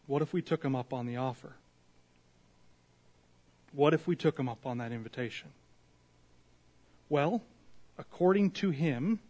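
A man preaching an earnest devotional sermon and prayer, full of rhetorical questions, his voice swelling and dropping. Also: fairly high pitch. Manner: earnest, rising and falling in loudness, rhetorical questions.

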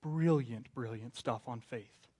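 A man, a pastor in his thirties, preaching a sermon in a conversational way, stumbling over restarts and swinging from hushed asides to loud outbursts. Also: medium pitch, slow pace, husky.

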